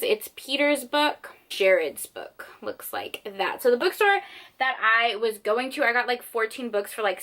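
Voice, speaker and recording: A woman's voice: on the high side, bright, forceful tone. A young woman chatting casually and at length as a book vlogger, sitting on the floor at home. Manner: chatty, rambling. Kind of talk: casual vlog chat.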